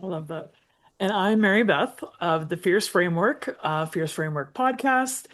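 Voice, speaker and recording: A woman with a very low voice introduces herself in a casual panel chat. She speaks in an upbeat, direct way. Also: moderate pace. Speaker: guest business coach.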